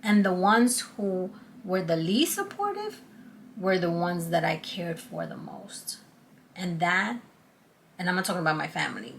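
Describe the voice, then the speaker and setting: A woman's voice: lowish voice, vocal fry, a bit bright, a little hiss or hum. A middle-aged woman chatting earnestly to her channel's viewers, acting out past conversations as she goes. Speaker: YouTube channel host. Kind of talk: casual talk to camera.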